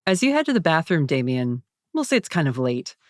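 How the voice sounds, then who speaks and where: A game master narrating a tabletop game in unhurried, descriptive narration. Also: mid-range voice, sing-song, dry recording.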